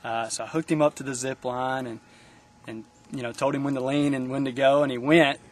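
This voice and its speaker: A man on the camp staff telling a personal story in an interview, in a halting way with many fillers and repeats. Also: medium pitch, flat delivery.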